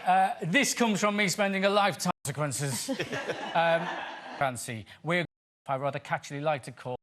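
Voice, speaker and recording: A man's voice: a little high, normal speed. A man hosting a comedy chat show, joking as he leads his guests through games. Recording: loud background noise.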